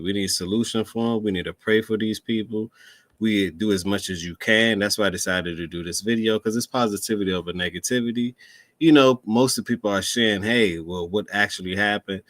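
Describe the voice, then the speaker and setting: A man with a lowish voice hosts his commentary show, earnest and rambling, doubling back to repeat himself. The sound is dry and close, with no room around it. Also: dry recording. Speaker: host. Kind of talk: casual commentary.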